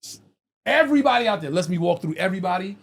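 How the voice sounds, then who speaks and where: Animated New man telling a story. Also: high voice, fast talker, vocal fry. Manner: acts out other people's lines in his story; streetwise slang, profane. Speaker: podcast co-host.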